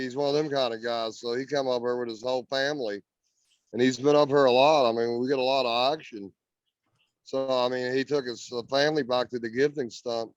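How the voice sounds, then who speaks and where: A man's voice: medium pitch, dry recording, dull audio. A man from Indiana, a guest earnestly telling a story in casual chat, often repeating words as he goes. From Indiana, USA.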